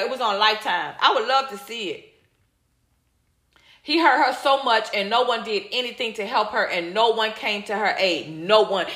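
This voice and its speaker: A high-pitched, bright woman delivers a heated casual rant, blunt and repetitive, now and then swearing. She reads out viewer comments live, and her voice bounces around a roomy, echoey space.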